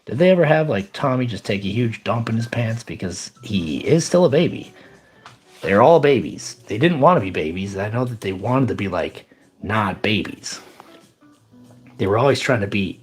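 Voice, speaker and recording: An animated man rambles casually on his live stream, reacting to chat in an upbeat way. His pitch swings widely from line to line. Faint music plays behind him. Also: moderate pace, breathy edge.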